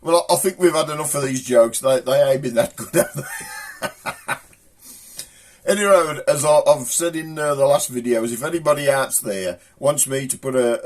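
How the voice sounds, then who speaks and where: A man with a Black Country accent hosting a casual comic video, rambling through old local sayings and jokes. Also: mid-range voice. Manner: rambling, folksy joke-telling.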